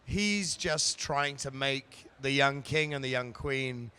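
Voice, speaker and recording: Kiwi guy being interviewed, jokey, lots of ums, smooth clear voice. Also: mid-range voice, sharp tone. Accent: New Zealand. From New Zealand. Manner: playful, joking, often pauses with fillers. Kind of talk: casual chat at a live event.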